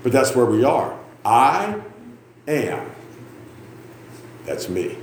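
A man's voice: medium pitch, big pitch swings, very slow, echoey room, slight background noise. Rowdy preacher in his fifties. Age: 50s. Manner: loud, rowdy and self-mocking, with sudden shouts. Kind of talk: sermon. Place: church sanctuary.

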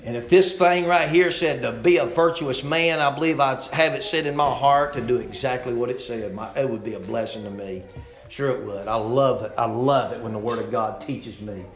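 A middle-aged man preaching a folksy sermon in a church, swinging from loud exclamations to soft asides. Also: medium pitch, moderate pace. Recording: echoey church room.

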